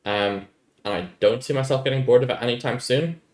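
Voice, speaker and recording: A man's voice: mid-range voice, brisk. Laid-back young guy, echoey room. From Ireland. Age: young adult. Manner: rambling, laid-back, easily amused. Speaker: YouTuber answering viewer questions. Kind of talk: casual Q&A chat.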